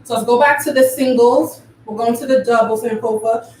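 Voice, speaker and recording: A woman teaching a live dance class, counting rhythms out loud with vocal syllables like ba and da, and explaining arm and foot movements. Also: a little high, steady tone, brisk. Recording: echoey room from far off, faint noise.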